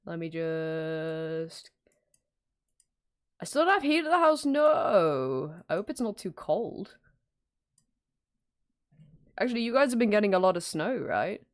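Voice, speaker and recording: A woman's voice: medium pitch, big pitch swings, slow pace, pauses often. A woman streaming live in casual chat, greeting viewers by name and laughing often as she works from home.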